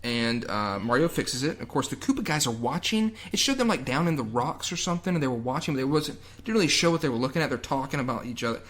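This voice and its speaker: Guy on a movie podcast, rambly and sarcastic, middle pitch. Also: lively intonation, fast talker, few pauses. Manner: rambling, sarcastic, with loud mock quotes. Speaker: podcast co-host. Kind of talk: casual movie review chat.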